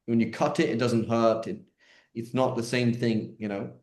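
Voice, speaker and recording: A man's voice: mid-range voice, steady tone, moderate pace, a little mellow. A man teaching an online question-and-answer class in a chatty, joking way, with many fillers and restarts. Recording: roomy echo.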